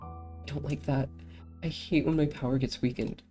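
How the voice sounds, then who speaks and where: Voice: medium pitch, steady tone, normal speed, warm tone, soft background music, pitched above the performer's own voice, close to an everyday voice. A streamer voicing a lonely girl who pleads and begs others to stay with her, reading game dialogue aloud. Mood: longing. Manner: begging, clingy.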